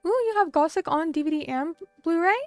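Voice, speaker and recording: A young woman chats with her stream audience in a high, bubbly voice. She is chatty and full of fillers as she reacts to comments. The sound is dry and close, with soft music playing underneath. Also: brisk, dry recording. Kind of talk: casual chat with viewers.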